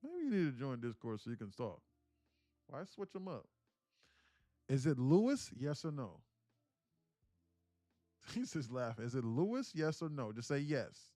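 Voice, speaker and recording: A man's voice: mid-range voice, big pitch swings, unhurried, pauses often, a little mellow, no echo, faint music behind. A man hosting a live trading stream, chatting casually and teasing viewers between market calls. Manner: joking, teasing chat with viewers. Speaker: livestream day trader host.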